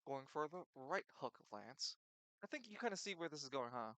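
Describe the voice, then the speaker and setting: Animated young man running a tabletop game. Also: on the high side, moderate pace, no room sound, poor audio. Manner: animated, swings between loud and quiet, stumbles and restarts. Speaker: game master.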